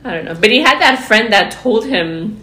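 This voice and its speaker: A young woman co-hosting a podcast, blunt and animated, telling stories with heavy swearing. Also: medium pitch, moderate pace. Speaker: podcast co-host. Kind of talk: casual chat. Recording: roomy echo, faint noise.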